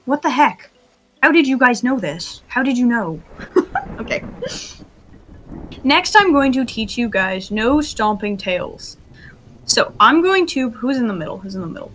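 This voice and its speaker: A woman's voice: a little high, big pitch swings, normal speed, a bit bright, slight background noise. A woman leading a group roleplay training, giggly and often laughing as she gives instructions, with bouts of coughing. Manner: coughing fits. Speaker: training host.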